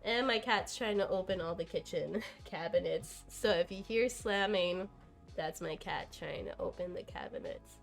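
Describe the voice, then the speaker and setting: A woman's voice: fairly low pitch, moderate pace, vocal fry, faint music behind. A young woman streaming live from her home kitchen, chatting casually with lots of fillers and giggles. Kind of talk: casual live-stream chat while cooking. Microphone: camera on a tripod.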